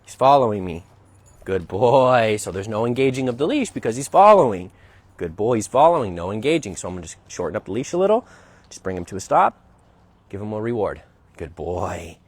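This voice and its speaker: A man's voice: lowish voice, sing-song, a little fast, dry recording. A man working as a dog trainer, explaining a training session outdoors as he goes and often checking in with "right?". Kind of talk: narrated training demonstration.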